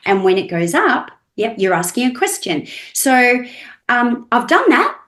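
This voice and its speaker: A woman's voice: fairly high pitch, animated, unhurried, fairly bright tone. A woman, a trainer explaining communication on a video call, often acting out rising and falling tones to make her point. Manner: demonstrates voice inflection, rising and falling for effect. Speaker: NLP trainer and hypnotherapist guest. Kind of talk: animated expert explanation.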